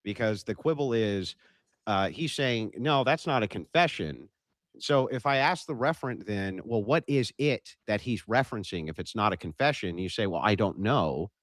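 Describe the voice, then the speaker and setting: A man's voice: fairly low pitch, lively intonation, moderate pace, fairly bright tone, dry recording. Blunt, combative man debating. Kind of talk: heated online debate.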